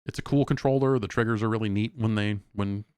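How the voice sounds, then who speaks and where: A man's voice: fairly low pitch, fairly even intonation, quick pace, darkish tone, clean tone, no echo, studio quality. A man hosting a podcast, talking casually over a video call, rambling with frequent restarts. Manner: rambling, hesitant, many restarts. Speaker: podcast host. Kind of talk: casual chat.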